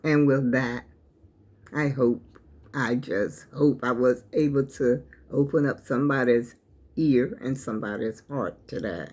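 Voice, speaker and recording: A woman's voice: very deep voice, unhurried, a little mellow. An older woman, hosting her own channel and giving an emotional, preachy talk that speaks straight to her viewers. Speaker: channel host. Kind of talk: heartfelt talk to camera.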